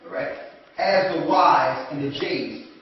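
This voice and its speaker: A man's voice: a little high, slow pace, recorded from a distance, a little hiss or hum. A man teaching a scripture class, prompting others to read aloud and repeating their words back to them. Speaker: Bible study teacher. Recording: echoey room from afar, dull lo-fi.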